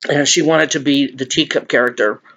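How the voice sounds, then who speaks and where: A man's voice: medium pitch, fairly even intonation, brisk, fairly bright tone, lo-fi sound. A middle-aged man in a chatty eating vlog, rambling and laughing as he talks to viewers. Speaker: vlogger. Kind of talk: mukbang chat, eating on camera.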